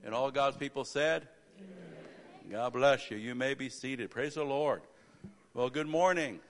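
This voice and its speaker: A man pastoring a church service, praying and preaching a sermon that builds to loud, emphatic stretches. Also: mid-range voice, moderate pace. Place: church sanctuary. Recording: reverberant church hall.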